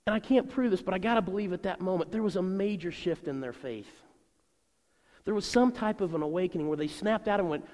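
A middle-aged male pastor preaching a sermon to his congregation in a conversational, animated way. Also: a little high, a little fast. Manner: conversational and animated, voicing people in his stories. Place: church sanctuary. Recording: long reverb of a large church hall.

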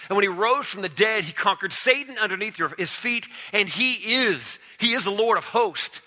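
High, bright-voiced man preaching in a hall. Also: expressive, normal speed. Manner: dramatic swings from loud urgent declarations to hushed low passages. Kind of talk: sermon.

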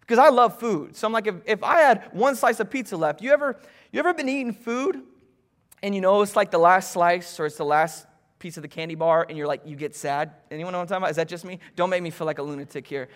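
A man preaching a sermon from a church stage, lively and joking with the congregation between scripture readings. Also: high voice, fast, big-room sound. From Florida, US. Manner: animated, jokey asides to congregation. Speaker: pastor. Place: church stage, large hall.

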